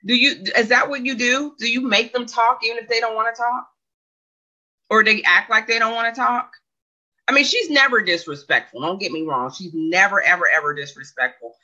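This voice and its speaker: Reading comments from her viewers, a woman in her forties hosts a laid-back livestream, rambling, chatting, doubting herself and laughing frequently. She speaks at medium pitch and a moderate pace, expressively, with a sharp tone. Sound quality is dull and lo-fi.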